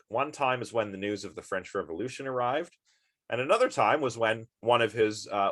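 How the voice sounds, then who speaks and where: A man with a fairly low voice gives a casual philosophy lecture to his students. He sounds sleepy and rambles, leaning on lots of fillers and little asides. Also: fairly bright tone. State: sleepy, yawning.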